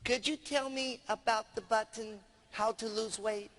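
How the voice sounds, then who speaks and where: A man voicing a shy, hopeful overweight housewife in a soft, timid voice, as part of a seminar story. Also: high voice, steady tone, unhurried.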